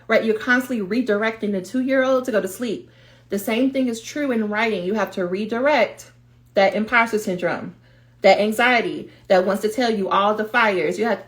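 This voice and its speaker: A woman giving a livestreamed coaching talk to doctoral students, direct and animated. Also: medium pitch, brisk. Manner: animated, direct, acts out quoted voices. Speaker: dissertation coach.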